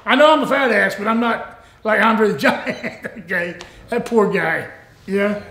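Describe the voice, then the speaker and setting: An older man, a former wrestler telling stories in a rambling, animated way and laughing often. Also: high-pitched, measured pace, vocal fry, roomy sound. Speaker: former pro wrestler, interview guest. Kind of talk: casual storytelling interview.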